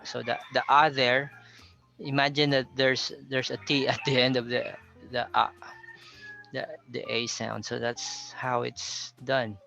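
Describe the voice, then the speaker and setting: A man from the Philippines with a Filipino English accent, teaching a pronunciation lesson and slowly modeling example phrases. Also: medium pitch, little pitch movement, vocal fry, sharp tone, soft background music, low-quality recording. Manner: slow, careful model readings of example phrases.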